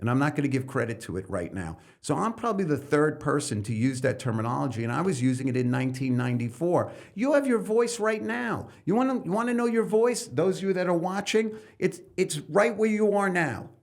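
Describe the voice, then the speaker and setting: A middle-aged man from New York City, a stand-up comedian and coach, talking loosely as a podcast guest and breaking into loud comic bits mid-thought. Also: on the high side, lively intonation, fairly quick, vocal fry, few pauses. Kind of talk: loose conversational interview talk.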